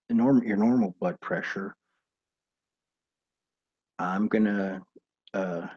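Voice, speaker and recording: A man's voice: medium pitch, dark tone, husky, dull audio. A man who used to box, hosting and telling a casual, rambling story with lots of fillers and swearing. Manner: rambling, with many fillers and restarts, swears freely. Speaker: host, former pro boxer.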